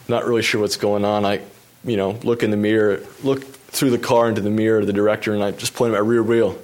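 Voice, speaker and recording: A man, a professional cyclist, telling a personal race anecdote in a relaxed, self-deprecating way with fillers. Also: fairly low pitch, brisk.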